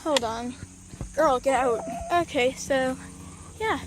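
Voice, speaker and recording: A high-pitched young woman chats while she films herself at a chicken coop with a handheld camera. She coaxes her hens in a sing-song tone. Faint outdoor noise and clucking sit behind her voice. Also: unhurried, long pauses. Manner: chatty, coaxing the hens with baby talk. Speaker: vlogger. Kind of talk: casual vlog narration.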